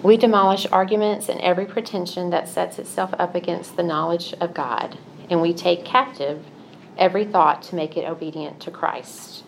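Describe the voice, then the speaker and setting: With slight background noise behind her, a middle-aged woman speaking at normal speed in a fairly low voice with vocal fry delivers a Christian teaching talk. She shares personal stories in an earnest, confessional tone.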